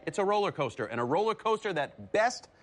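He's a man in his thirties running a sports show, speaking a little fast with big swings in pitch. Cocky and needling, he uses those pitch jumps to hammer home his opinions.

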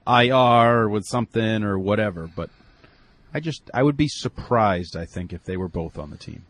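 Male panelist, mid-pitched, dry wit, keeps pushing back on the others. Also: normal speed, a bit bright. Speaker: podcast panelist. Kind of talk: casual sports talk.

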